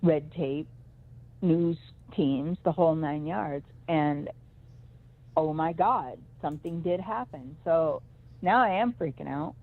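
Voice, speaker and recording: Over a tinny phone line, a middle-aged woman who works as a psychic reader calls in to a show and tells a personal story. Her voice is low and her pace slow, and she rambles emphatically, restarting again and again.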